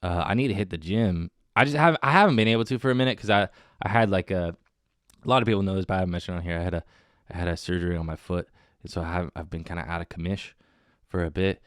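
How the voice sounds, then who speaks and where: Male podcast host, solo casual chat, wired and self-mocking; smooth voice, dry close sound. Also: sits low, fast, dry recording. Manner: rambling, self-mocking and jokey. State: wired on coffee.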